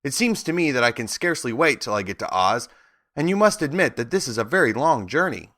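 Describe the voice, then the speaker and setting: A calm, gentle tin man, as a man reading the story puts him on. He speaks in a level, bright voice with a lively lilt. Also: medium pitch, brisk.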